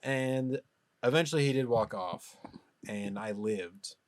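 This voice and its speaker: A man co-hosting a podcast, telling a personal story in casual chat with animated bursts of laughter. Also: mid-range voice, slow pace. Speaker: podcast co-host.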